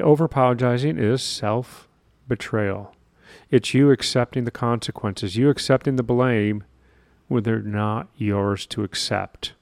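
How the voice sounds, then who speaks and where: A man coaches his listeners in a solo podcast, speaking earnestly and with emphasis, breaking in now and then with a wry aside. His voice sits in an ordinary middle pitch. The recording is dry and close, with no room sound. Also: vocal fry, a little mellow, no echo. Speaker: podcast host and confidence coach.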